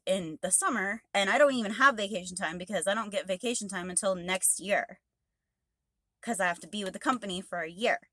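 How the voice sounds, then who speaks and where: A woman's voice: mid-range voice, sharp tone, no echo. A woman truck driver ranting angrily to camera, swearing heavily and exasperated. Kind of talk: angry rant to camera.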